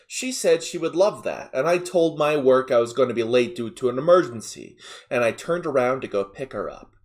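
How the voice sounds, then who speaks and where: Male narrator reading an online story; animated, lively pitch, mid-range voice, casual asides. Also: moderate pace.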